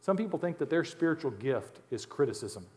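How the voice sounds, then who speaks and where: A married man preaching a sermon as pastor, folksy and animated, mimicking complaining crowds and dropping joking asides. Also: on the high side, brisk. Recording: long hall reverb.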